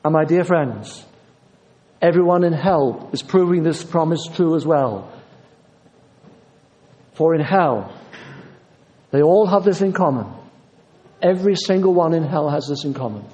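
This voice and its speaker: Earnest preacher in a hall. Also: male voice, fairly high pitch, animated, measured pace, pauses often, warm tone. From Yorkshire, England. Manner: earnest, insistent, repeating phrases for emphasis. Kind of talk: sermon. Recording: long reverb of a large hall.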